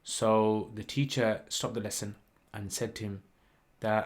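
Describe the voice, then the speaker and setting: A man, hosting a livestream and telling a story in a rambling, lively way with lots of fillers. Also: on the low side, measured pace. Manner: rambling, animated retelling with many "like" and "you know" fillers. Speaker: channel host.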